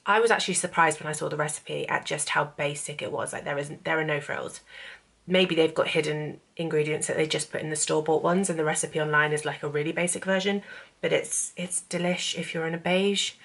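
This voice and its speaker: Low-pitched woman vlogging, chatty and candid, kinda teary and emotional. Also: vocal fry, fairly bright tone. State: tearful, emotional. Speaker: vlogger and author. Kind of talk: casual talking-head vlog.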